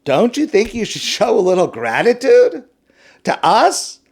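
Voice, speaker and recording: A man's voice: on the high side, lively intonation, measured pace, voice pushed up. A man voicing entitled pleading ancient nations. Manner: pleading, self-justifying.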